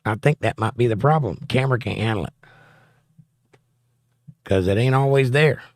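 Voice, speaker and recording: This man, hosting a laid-back livestream from his home, reads out viewer messages and cracks jokes in response. He has a medium-pitched voice at normal speed, captured in a dry, studio-quality recording.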